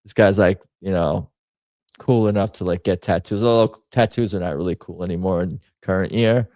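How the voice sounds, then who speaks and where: A man's voice: low voice, moderate pace, darkish tone, no echo. A man hosting a casual livestream, rambling through memes with wry asides and frequent restarts. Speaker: host.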